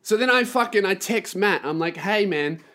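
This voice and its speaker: A man's voice: high-pitched, brisk, fairly bright tone. A man hosting a podcast, telling a story as a profane, sarcastic rant. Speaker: podcast host and touring performer.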